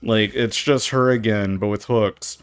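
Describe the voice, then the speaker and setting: Here a man streams a game and offers casual live commentary in a smooth, lowish voice, a little slow and fairly even in intonation. Stammering and cursing, he reacts with disgust, captured in clean studio sound without echo.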